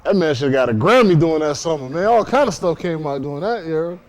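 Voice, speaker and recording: A man from Miami leading a congregation, moving between prayer and lively, joking talk with loud exclamations, recorded in a synagogue hall during a livestream. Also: a little high, fast talker. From Miami, Florida. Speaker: congregation leader. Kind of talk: casual sermon talk and prayer.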